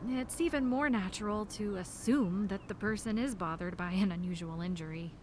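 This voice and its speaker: An actress voicing a young woman amateur detective in a video game, asking polite, measured questions. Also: mid-range voice, darkish tone, slight background noise, lightly acted. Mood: curious. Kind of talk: game voice acting.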